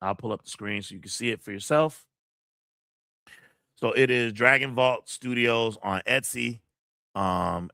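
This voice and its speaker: A man hosts a livestream in casual, slangy talk, rambling and doubling back on his words. His voice sits low but sounds bright and forceful, with a dry, close sound. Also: no echo. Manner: rambling, slangy, repeats phrases. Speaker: host of a kung fu movie livestream.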